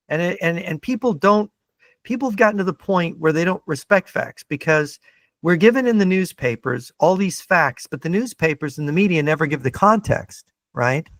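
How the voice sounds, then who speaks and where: A man's voice: on the high side, animated, normal speed, fairly bright tone, no room sound. A man who is a guest on a podcast, debating in a lecturing way and often checking in with "right?". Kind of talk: debate-style conversation.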